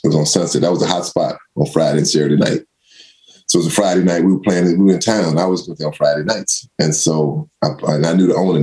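An older man, a former pro football player, telling stories casually in an interview and acting out quotes in a raised voice. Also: low-pitched. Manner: animated, acts out quotes in raised voice, laughs often. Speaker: former pro football running back, guest.

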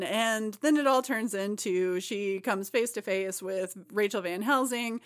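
A woman co-hosting a podcast, giving a lively, laughing recap of a comic storyline in casual chat. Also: medium pitch, a little slow, few pauses. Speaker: podcast co-host.

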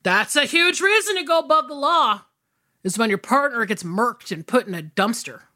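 A woman talks through a movie on her podcast in loose, rambling chat, full of "you know" and "like." Her voice is bright and her pitch swings widely. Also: expressive, normal speed. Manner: rambling, many fillers. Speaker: podcast co-host.

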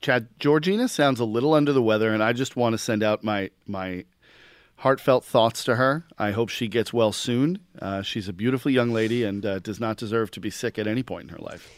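A man's voice: on the low side, fairly quick, dry recording, studio quality. A man co-hosting a sports podcast, telling stories in a laid-back, wry way. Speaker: podcast co-host. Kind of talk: casual sports chat.

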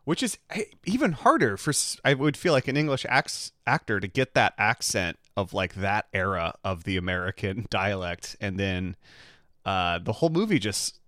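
A man co-hosting a podcast, rambling and animated in casual chat, often restarting his sentences. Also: lowish voice, normal speed, no echo, clean studio sound. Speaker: podcast co-host.

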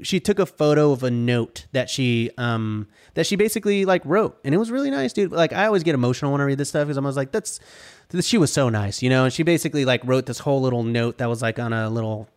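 A man talking casually on a podcast, telling stories about his rental cabins. He is animated and filler-heavy, slipping into the voices of guests and workers as he goes. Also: mid-range voice, fast talker. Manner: animated, says dude and like a lot, acts out quotes. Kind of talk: casual chat, storytelling.

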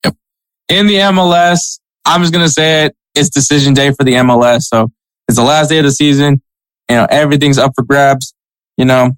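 A man's voice: medium pitch, brisk, clear, resonant tone, dry recording, poor audio. A man co-hosting a casual soccer podcast, chatting with frequent laughs and reading sponsor spots. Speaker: podcast co-host.

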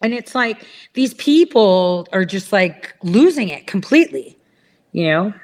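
Woman, casual rant, rambling, profane, mid pitch, mimics others. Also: big pitch swings, unhurried, a little mellow. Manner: rambling, swears, acts out quoted people in a higher voice. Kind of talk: casual ranting chat.

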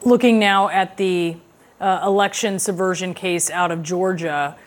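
A woman anchoring a news program, interviewing a legal analyst in a crisp, questioning way. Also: lowish voice, fairly even intonation, measured pace.

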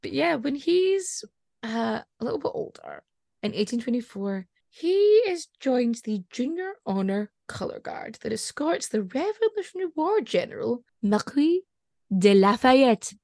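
A Scottish woman hosts a podcast in relaxed, chatty conversation, wandering off on tangents and laughing often. Her voice sits a little high and carries a gravelly rasp. The sound is dry and close. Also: moderate pace, no room sound. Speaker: podcast host. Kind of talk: casual chat.

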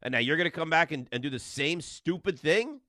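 A man hosting a sports talk radio call-in show, talking fast and arguing loudly with callers. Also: fairly high pitch, no room sound, studio quality. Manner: animated, loud and combative with callers.

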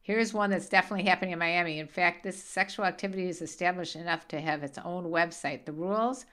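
A woman's voice: fairly low pitch, steady tone, quick pace, a bit bright. A middle-aged woman co-hosting a podcast with her adult child, chatting casually in a teasing, playful way and laughing easily. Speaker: podcast co-host, host's mother. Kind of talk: casual chat. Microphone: podcast studio mic.

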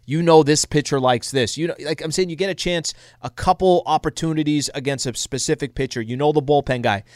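A man's voice: a little high, a little fast, a little mellow, no echo. A man co-hosting a casual sports talk radio show, easygoing with frequent fillers, at a studio microphone.

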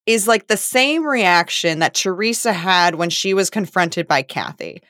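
Expressive woman podcast co-host, dry mic. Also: on the low side, dry recording. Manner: expressive, quick to react, puts on voices for quotes. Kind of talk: casual recap chat.

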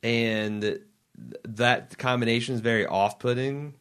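A man's voice: mid-range voice, steady tone, unhurried, fairly bright tone, smooth. A man in a casual film chat, speaking wryly and critically with frequent restarts and asides.

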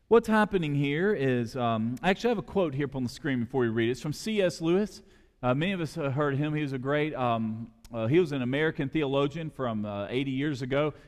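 Man preaching in a reverberant church. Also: fairly high pitch. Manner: storytelling, rising to fervent preaching. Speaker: pastor. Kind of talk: sermon. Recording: long hall reverb.

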